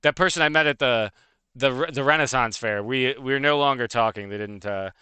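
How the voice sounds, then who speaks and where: Male streamer, bright and crisp, rapid profane rant, dry close sound. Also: mid-range voice, no echo. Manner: fast, profane, heated and laughing. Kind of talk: casual live-stream rant.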